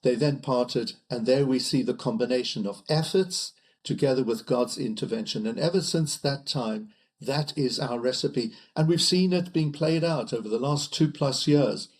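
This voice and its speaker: An older man, a chief rabbi, guest on an interview podcast, telling stories in a measured way. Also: medium pitch. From United Kingdom. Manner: measured, storytelling delivery. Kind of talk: interview conversation.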